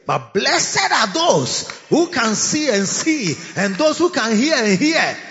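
High-voiced Ghanaian preacher in an echoey hall. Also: male voice, slow pace. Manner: animated, laughing, rising to shouts. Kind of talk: sermon. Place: large church hall. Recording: echoey hall, dull lo-fi sound.

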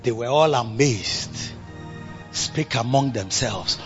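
A man's voice: high voice, very animated, a little slow, a bit bright. A man, preaching a sermon with sing-song calls and exclamations. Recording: dull lo-fi recording with faint music.

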